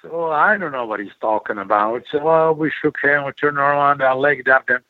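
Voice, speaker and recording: An older man from Iraq, a former wrestler, telling animated stories as an interview guest and acting out quoted voices. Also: mid-range voice, normal speed, no echo. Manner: animated storyteller, acts out quoted voices, broken English. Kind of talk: storytelling in an interview. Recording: tinny phone-like audio, dry.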